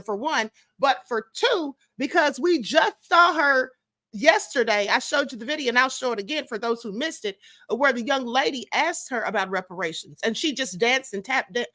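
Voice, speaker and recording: A woman's voice: high voice, sharp tone, dry recording, clean studio sound. A woman hosting a live stream, giving sassy, scolding commentary straight to her viewers. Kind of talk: casual commentary.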